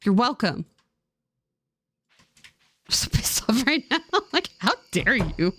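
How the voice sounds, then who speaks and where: A woman streamer giving casual game commentary in an animated, sarcastic way, with plenty of swearing. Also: on the high side, unhurried.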